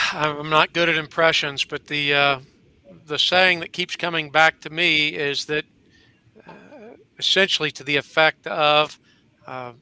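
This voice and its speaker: Crisp-voiced man, a thoughtful judge. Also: fairly high pitch, fairly even intonation, unhurried, sharp tone.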